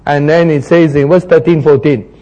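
A man delivers a sermon, retelling scripture earnestly and circling back over his points. His voice sits a bit higher than most men's. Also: fairly even intonation, normal speed, warm tone, rough recording. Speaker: preacher.

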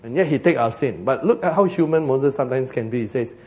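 A man preaching a sermon in a Singaporean English accent. He is animated and joking, and he slows down for emphasis. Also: medium pitch.

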